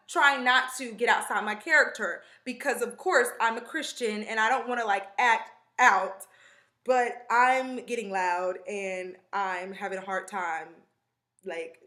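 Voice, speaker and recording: Young woman, vlogger, rambling casual storytelling, bright tone, echoey room. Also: a little high. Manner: chatty, rambling, animated retelling with many fillers.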